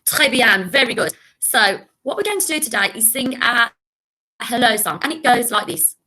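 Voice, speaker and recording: A young English woman teaching a recorded French lesson to primary school children, speaking slowly and encouragingly. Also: a little high, animated, bright, forceful tone. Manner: slow, encouraging, sings simple tunes.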